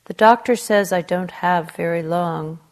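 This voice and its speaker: Frail, unhurried elderly woman, voiced lightly by a female storyteller, soft and low. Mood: gentle, wistful.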